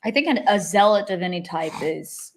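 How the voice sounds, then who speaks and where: Fast-talking woman co-host. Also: mid-range voice, a little hiss or hum. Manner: quick interjections and wry quips. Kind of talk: casual chat.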